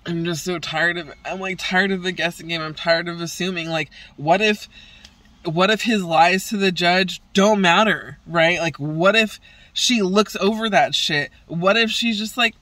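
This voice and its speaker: A woman's voice: medium pitch, unhurried, pushed and bright, far from the mic, poor audio. A woman venting in a casual vlog, rambling and swearing heavily in an exasperated way. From Southern California. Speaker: vlogger.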